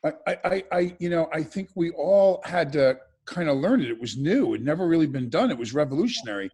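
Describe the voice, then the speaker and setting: A man chatting as an interview guest over a video call, telling stories with quick asides and restarts. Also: fairly high pitch, expressive, darkish tone, husky. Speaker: interview guest, former reality show participant. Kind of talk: storytelling interview chat.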